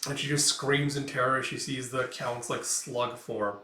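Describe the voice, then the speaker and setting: A man's voice: medium pitch, steady tone, moderate pace, bright, forceful tone. A man casually retelling a comic aloud, rambling with lots of fillers. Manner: rambling, filler-heavy paraphrasing. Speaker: manga reader and reviewer. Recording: roomy, distant mic.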